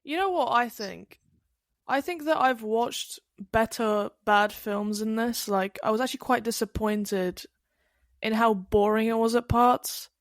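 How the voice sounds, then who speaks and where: A woman's voice: a little high, a little slow, no room sound, clean studio sound. A young woman co-hosting a film podcast, chatting bluntly and casually with some swearing. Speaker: podcast co-host. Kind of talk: casual chat.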